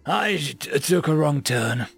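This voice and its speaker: A man voicing a wounded, exhausted young man who speaks haltingly, stammering and meandering in pain. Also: fairly high pitch, expressive, vocal fry, breathy edge, faint music behind, heavily acted.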